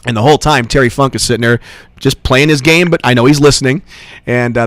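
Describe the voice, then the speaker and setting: A man's voice: medium pitch, quick pace, a bit bright, no room sound. A man hosting a radio show, chatty and enthusiastic, telling stories to his guest. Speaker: radio host. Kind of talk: casual radio interview.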